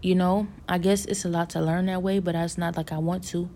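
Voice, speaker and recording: A woman's voice: on the low side, little pitch movement, fairly quick, mellow, a little hiss or hum. A woman telling a long, rambling story about a vision, musing earnestly about God and the devil with many fillers and restarts.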